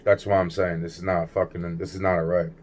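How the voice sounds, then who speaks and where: A man's voice: sits low, level tone, a little fast, a little hiss or hum. A man telling a rambling personal story to camera, agitated and heavily profane, often restarting his sentences. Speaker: vlogger recounting personal experiences.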